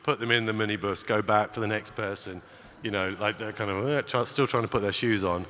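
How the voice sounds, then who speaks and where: A man with a fairly low voice tells a rambling personal story from a conference stage, often stopping to restart his sentences and acting out what people said. His voice carries into a large hall with a long, trailing reverb, picked up by a stage microphone. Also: steady tone, fairly quick, pushed and bright, slight background noise. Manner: chatty, with many restarts and acted-out quotes. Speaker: conference speaker.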